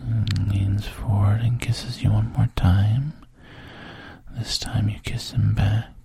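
A man telling a whispered role-play story directly to the listener, his low voice gravelly and very breathy. He speaks slowly and darkly, close to a dry mic. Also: little pitch movement, no echo. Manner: second-person storytelling, soft and intimate. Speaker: narrator.

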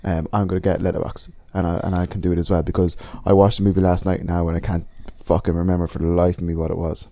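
A man's voice: deep voice, flat delivery, fast, creaky, few pauses, warm tone, no room sound. A man co-hosting a podcast in casual, laid-back chat, swearing now and then.

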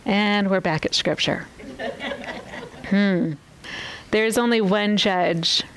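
A woman's voice: medium pitch, slow, slight background noise, poor audio. Earnest woman teaching scripture. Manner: earnest, asks the listener rhetorical questions. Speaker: Bible teacher. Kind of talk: podcast Bible teaching.

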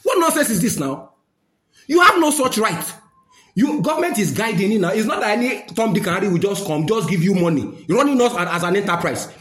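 A man's voice: high-pitched, animated, fairly quick, reverberant, a crowd in the background. A man with a Nigerian accent giving a fiery, scolding rant to camera, slipping into Pidgin. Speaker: social commentator.

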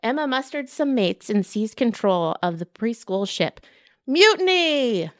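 A woman, a children's librarian, reading a picture book aloud with playful shouts and whispers. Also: mid-range voice, lively intonation, moderate pace, dry recording, clean studio sound. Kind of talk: storytime read-aloud with character voices.

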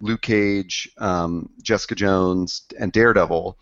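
A man's voice: deep voice, steady tone, fairly bright tone, no echo, dull audio. A man co-hosting a casual pop-culture chat, rambling and restarting his sentences as he goes. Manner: rambling, halting, lots of restarts. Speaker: podcast co-host.

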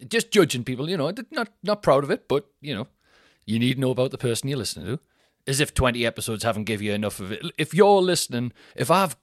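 A man's voice: medium pitch, no echo, clean studio sound. A young man hosting a podcast, telling rambling, self-mocking stories in a casual monologue. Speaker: podcast host.

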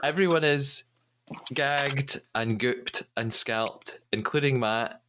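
Male podcast host, mid-pitched, lively chatty storyteller. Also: slow pace, noisy background. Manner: animated storytelling, laughs often. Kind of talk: casual podcast recap.

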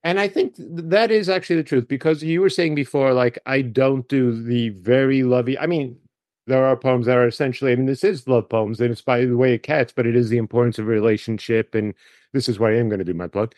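A man's voice: mid-range voice, steady tone, fairly quick, darkish tone, no echo, studio quality. Chatty man guest prone to tangents. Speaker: author guest. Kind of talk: casual interview chat.

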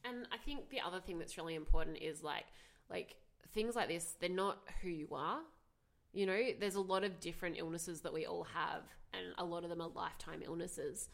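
A woman's voice: fairly low pitch, fairly quick, gravelly. A woman, co-hosting a casual, frank chat and giving practical advice with wry humor. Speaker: podcast co-host.

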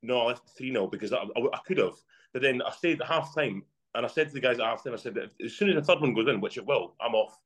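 A man co-hosting a casual football podcast, ranting and telling stories about matches. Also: medium pitch. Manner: fast, ranting, animated storytelling. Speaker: podcast co-host.

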